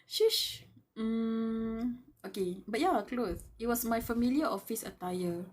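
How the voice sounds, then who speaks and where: A woman's voice: a little high, measured pace, a little mellow. A woman reading a web novel aloud live, breaking off to gush, squeal and laugh at the characters and talk to them. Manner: gushing fangirl reactions, squeals and laughter; muses aloud, talks to the characters. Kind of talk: live reading with excited commentary.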